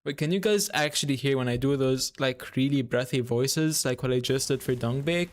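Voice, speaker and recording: A man streaming a game, excitedly thinking aloud and talking to his chat. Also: mid-range voice, moderate pace, no room sound. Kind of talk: live game commentary. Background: faint game music.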